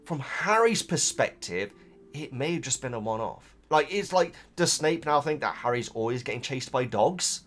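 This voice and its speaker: A man's voice: medium pitch, expressive, moderate pace, a bit bright. A man who hosts, chatting casually as he reads out viewer comments, rambling, stopping himself and laughing often. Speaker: host reading viewer comments. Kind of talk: casual chat to camera.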